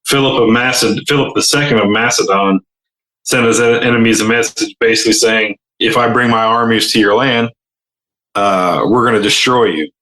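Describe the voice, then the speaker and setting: A man co-hosting a podcast, telling stories in relaxed casual chat, full of "you know". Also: medium pitch, normal speed, echoey room, low-quality recording. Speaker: podcast co-host.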